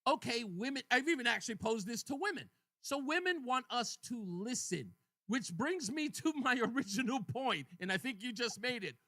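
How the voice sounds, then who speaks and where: A man hosting a call-in radio talk show, telling a story with animated energy and acting out both sides of a conversation. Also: very high-pitched, normal speed, dry recording. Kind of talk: casual call-in radio chat.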